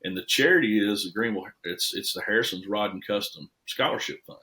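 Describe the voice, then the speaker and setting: Guy in his middle years, lowish voice, rambly storyteller, keeps repeating himself. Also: a little fast. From Tennessee. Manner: rambling, repeats words, lively retelling. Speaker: guest, restoration shop owner. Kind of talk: casual storytelling chat.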